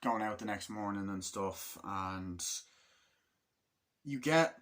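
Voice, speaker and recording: A man's voice: on the low side, slow, fairly bright tone. A man casually reviewing a film in a rambling, filler-heavy way, swearing often and acting out lines from the movie.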